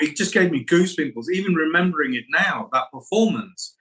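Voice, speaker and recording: A middle-aged man, an actor being interviewed, reflecting on his craft and telling animated anecdotes. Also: on the high side, moderate pace, low-quality recording. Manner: animated anecdotes, acts out quoted voices.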